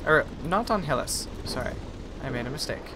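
A man streams gameplay live, talking at a brisk clip in a fairly high, animated voice against a noisy background and game music. He rambles, keeps correcting himself, and grumbles at the game, sounding chatty and mildly exasperated.

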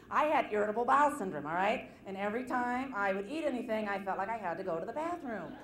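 A woman with a slightly high voice speaks from a stage to a live audience. She tells personal stories with animated energy and self-deprecating humor, and she acts out the voices of the people in them. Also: reverberant, slight background noise. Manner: animated storytelling, acting out quoted voices. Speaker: motivational seminar speaker. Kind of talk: live seminar talk to an audience.

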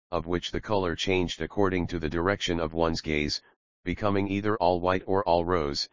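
A man narrating a classic novel in a measured, even reading. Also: sits low, dry recording, highs cut off. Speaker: audiobook narrator. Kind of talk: scripted narration.

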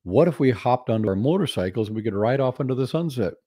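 A man's voice: mid-range voice, lively intonation, fast, dark tone, no room sound, studio quality, close to an everyday voice. Man voicing goofy talking dinosaurs in a joke. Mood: joking. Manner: playful, mock-earnest storytelling.

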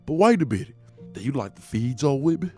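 A man voicing a flirtatious big woman in a web cartoon, speaking low and slow in a sultry put-on voice. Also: very animated, a little mellow, faint music behind, lightly acted. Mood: flirty.

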